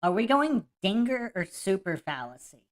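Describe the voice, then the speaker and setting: Her voice is mid-range with big swings in pitch, at a moderate pace. She hosts a podcast, reacting to a debate clip with frequent laughter and mockery and reading chat comments aloud in casual live-stream commentary.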